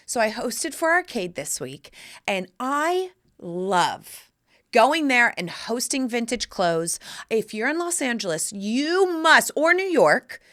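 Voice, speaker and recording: A woman's voice: medium pitch, a bit bright. A woman in her forties hosting her own podcast, talking in a sassy, theatrical way and calling the listener "honey". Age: 40s. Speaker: podcast host. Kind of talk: casual solo podcast monologue.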